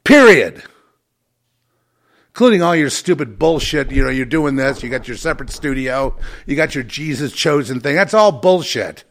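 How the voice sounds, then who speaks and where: Podcast guy going off, sarcastic and cussing, raspy fry in his voice, pitch all over the place. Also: animated, moderate pace, fairly bright tone. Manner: angry, profane, sarcastic ranting. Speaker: podcast host. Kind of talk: solo podcast rant.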